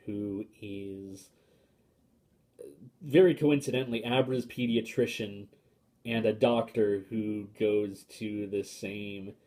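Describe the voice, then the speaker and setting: A man's voice: on the low side, mellow. A young man giving a casual spoken book review to camera, hesitant, with frequent fillers and restarts, and opinionated.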